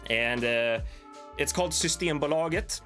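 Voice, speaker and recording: A young man with a Swedish accent chats loosely on his livestream, drifting between answers and laughing at his own jokes. His voice is bright and forward. Faint music plays underneath. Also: on the high side, a little slow. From Sweden. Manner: rambling, self-amused, chuckles at his own jokes. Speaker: livestream host. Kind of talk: casual livestream chat reading viewer comments.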